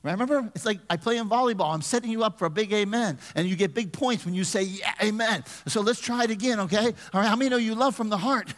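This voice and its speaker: Pastor guy with a high voice, chatty sermon, long church reverb. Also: fast, few pauses. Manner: conversational, humorous, asks the congregation questions. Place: church sanctuary.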